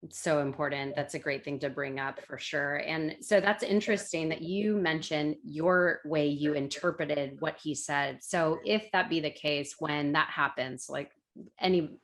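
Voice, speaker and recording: A woman podcast host with a very low voice. She keeps the interview casual, backing her guest up with brief affirmations before she asks her follow-up questions. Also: measured pace, a bit bright.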